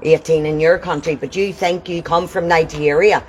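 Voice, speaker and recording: A woman playing vigilante interrogates and accuses someone during a heated confrontation, recorded amid street noise. She speaks at a moderate pace in a low voice with fairly even intonation.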